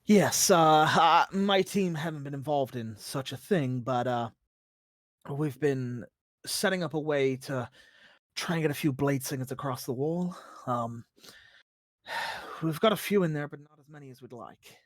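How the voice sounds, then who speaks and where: A game master voicing a nervous male ally soldier who talks in a hesitant, halting way full of fillers, in a tabletop game. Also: medium pitch, no room sound, clean studio sound, lightly acted. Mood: uneasy.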